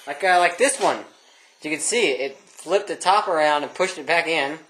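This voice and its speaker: A woman chatting casually outdoors while setting off fireworks, excitable, swearing and laughing often. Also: low-pitched, moderate pace. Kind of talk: casual chat. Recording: echoey, from off-mic, loud firework noise.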